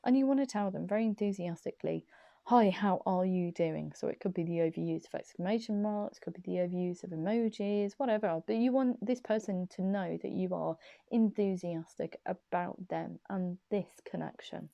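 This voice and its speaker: A woman's voice: mid-range voice, a little fast, creaky, warm tone, dry recording, muffled recording. A woman giving a casual, chatty tarot reading. She rambles enthusiastically and giggles often, filmed in a small room on a desk camera. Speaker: tarot card reader. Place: small room at her parents' home. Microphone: camera on a small desk tripod.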